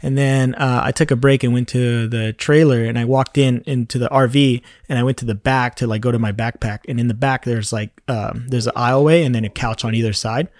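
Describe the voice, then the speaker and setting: A man's voice: medium pitch, steady tone, fairly quick, few pauses, a little mellow, no echo, clean studio sound. A man telling a story in a casual chat, laid-back and full of slang.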